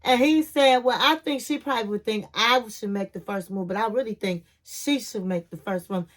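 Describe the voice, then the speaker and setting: A woman's voice: mid-range voice, normal speed. A woman hosting a casual reality TV recap, retelling scenes and quoting people with sassy asides.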